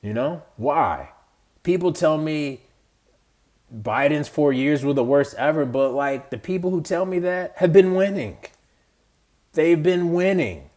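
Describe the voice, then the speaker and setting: A man's voice: fairly high pitch, expressive, measured pace, a little mellow. A man hosting a podcast, ranting about politics in a heated, exasperated way with casual slang and swearing. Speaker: podcast host. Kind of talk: solo political rant.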